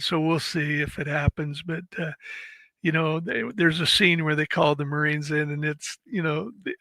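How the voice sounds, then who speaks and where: Man in his 70s, interview guest, gravelly voice, sharp bright tone, dry close sound. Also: on the high side, dry recording, poor audio. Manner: laughing, swearing war storyteller. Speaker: guest, former Marine and actor. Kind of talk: casual interview chat.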